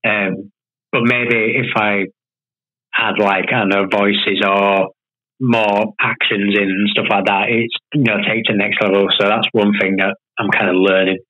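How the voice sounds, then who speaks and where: Brief: young-sounding UK male comic, relaxed and hesitant, bright tone, muffled video-call audio. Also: lowish voice, measured pace. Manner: laid-back, many fillers and hedges. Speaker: guest comedian. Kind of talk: casual chat interview.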